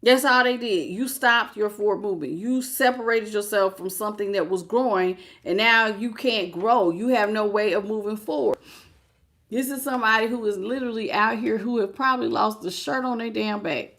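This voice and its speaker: A woman giving a live tarot reading in a casual, animated, slangy way, laughing often and greeting her viewers. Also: mid-range voice, normal speed. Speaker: tarot reader.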